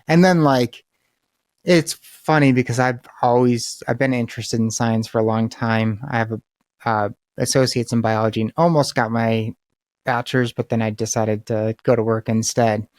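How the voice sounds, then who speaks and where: A male podcast host talks casually and speaks his mind plainly. He often restarts his sentences as he goes. His voice is in a mid pitch and sounds close and dry. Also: fairly even intonation, moderate pace, no room sound. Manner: candid and opinionated, with frequent restarts. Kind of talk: casual conversational interview.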